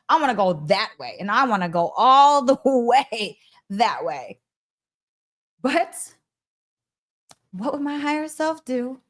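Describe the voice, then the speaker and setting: A woman's voice: a little high, fairly bright tone. A woman hosting a podcast, giving a casual, heartfelt spiritual pep talk, laughing often and speaking emphatically. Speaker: podcast host.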